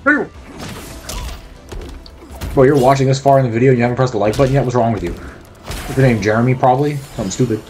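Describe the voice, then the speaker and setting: A man narrating his own fighting-game playthrough in loose, rambling commentary full of jokes and swearing. His voice sits at an ordinary middle pitch. Game music runs faintly in the background. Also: fast talker, long pauses, a little mellow. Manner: joking, profane, rambling. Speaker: gameplay commentator. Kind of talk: casual gaming commentary.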